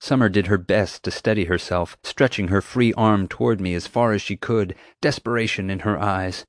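Male audiobook narrator, lowish voice, dry close sound, steady first-person storytelling. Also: moderate pace, dry recording.

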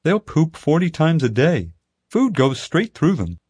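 A man's voice: on the high side, huge pitch swings, a little slow, darkish tone, breathy edge, dry recording, voice pushed up, full character voice. A male audiobook reader voicing a chatty, lonely young female panda keeper who eagerly rattles off facts. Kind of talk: audiobook character voice. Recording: dry close studio sound.

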